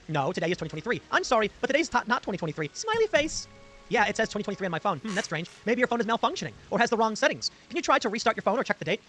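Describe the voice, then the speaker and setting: A man hosting a live stream, reading online posts aloud and reacting with quick exclamations. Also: fairly high pitch, fairly bright tone, slight background noise. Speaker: host. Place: home studio on a live stream.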